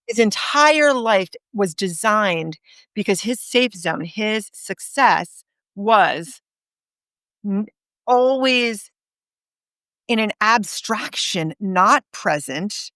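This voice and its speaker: A woman guest in a podcast interview, telling a story earnestly with emphatic pauses. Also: medium pitch, animated, a bit bright, no room sound, studio quality. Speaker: guest author and speaker.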